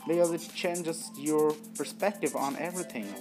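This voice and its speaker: A man's voice: on the high side, normal speed, music in the background, voice pushed up, close to an everyday voice. A man reading the lines of an earnest young romantic lead in a story game. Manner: sincere, encouraging.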